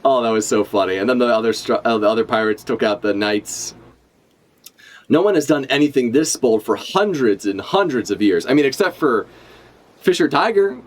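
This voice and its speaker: A man's voice: a little high, expressive, normal speed. A man giving live reaction commentary as a streamer, ranting and swearing in exasperation.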